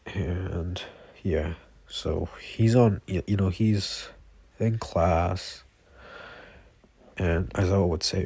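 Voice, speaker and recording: Guy rambling thru a made-up fan story, low gravelly voice, dry sound. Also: takes it slowly, pauses often, dark tone, no room sound. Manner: rambling, lots of fillers and self-corrections. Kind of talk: casual improvised fan storytelling.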